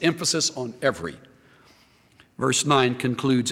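A man preaching a sermon as pastor, emphatic and lively, quoting scripture. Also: on the high side, a little slow, long reverb tail.

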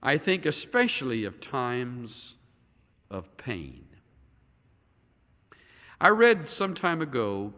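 A man's voice: mid-range voice, big pitch swings, takes it slowly, pauses often. Dramatic preacher man in a reverberant hall. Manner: dramatic, swings from loud to hushed. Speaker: pastor. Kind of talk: sermon.

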